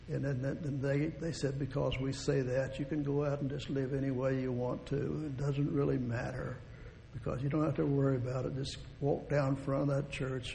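A man's voice: creaky, dark tone. A man preaching a sermon in a folksy, rambling way, restarting phrases and chuckling as he goes. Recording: long hall reverb, faint rumble.

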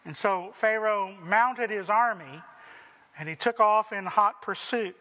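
A man preaching a sermon slowly and deliberately, acting out the people's voices in dramatic quotes. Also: high-pitched, lively intonation, sharp tone, in a large hall. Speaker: pastor.

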